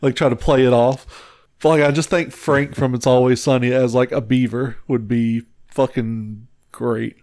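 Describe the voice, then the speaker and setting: A man's voice: medium pitch, steady tone, normal speed, a little mellow, no room sound, studio quality. A man co-hosting a podcast, joking and swearing in laid-back casual chat. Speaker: podcast co-host.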